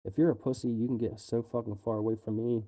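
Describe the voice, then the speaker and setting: A man's voice: medium pitch, level tone, fast talker, mellow. Angry, profane man ranting on a livestream. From United States. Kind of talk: livestream rant.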